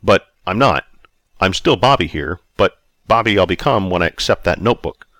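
A man's voice: sits low, animated, normal speed, a bit bright, no echo. A man reading an audiobook, voicing a confident, well-off older version of the narrator who speaks firmly and a little offended. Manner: firm, slightly offended.

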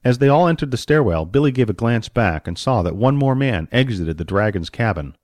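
A man narrating an audiobook story with expressive storytelling and varied pacing. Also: medium pitch, a little fast, dry recording, studio quality.

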